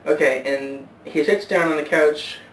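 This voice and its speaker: A man vlogging, telling a joke in a halting, rambling way full of fillers and restarts, on a distant camera mic at home. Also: a little high. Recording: roomy echo, far from mic, faint hiss.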